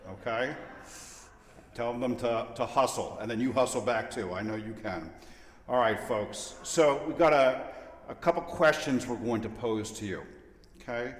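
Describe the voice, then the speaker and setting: A man's voice: medium pitch, normal speed. A man welcoming people to a service in a playful, informal, joking manner, heard in a large sanctuary. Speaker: service leader. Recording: echoey hall with long reverb.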